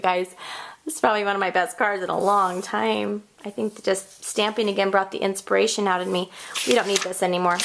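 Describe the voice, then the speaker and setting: A woman in her thirties hosting a casual card-making tutorial, bubbly and chatty, squealing when she gets excited. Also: medium pitch, creaky, slight background noise. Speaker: crafting tutorial host.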